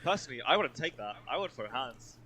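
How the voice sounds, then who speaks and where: A man's voice: mid-range voice, sing-song, quick pace, crowd noise. A man with a New Zealand accent co-hosting a casual podcast, rambling and swearing freely. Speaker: podcast co-host.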